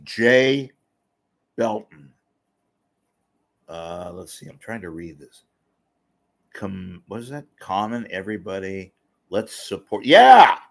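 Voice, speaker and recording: Here the host's voice is lowish and gravelly with a fairly bright tone. Rambling and complaining at his own expense, he asks for donations and reads viewer comments in a casual monologue.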